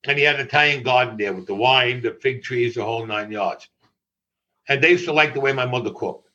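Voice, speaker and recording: An older man telling stories in an interview, animated, laughing often and swearing freely. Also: medium pitch, brisk, highs cut off, slight background noise. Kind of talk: storytelling in conversation.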